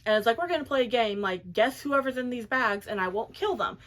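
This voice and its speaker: A woman's voice: on the high side, fairly quick. Chatty young woman recapping a book. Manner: chatty, filler-heavy, animated. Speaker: book reviewer. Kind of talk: casual plot recap.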